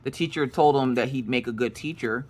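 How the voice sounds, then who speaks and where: A woman's voice: rumbling low, a little fast, noisy background. A woman in her thirties chatting casually while she crafts. She rambles and often corrects herself mid-sentence. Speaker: crafting streamer.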